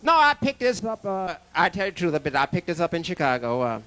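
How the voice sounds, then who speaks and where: Very high-voiced, lively male stand-up comic. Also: fairly quick, clean tone. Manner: brash one-liners, teasing the audience. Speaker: stand-up comedian. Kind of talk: stand-up comedy with crowd work. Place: comedy club stage with a live audience.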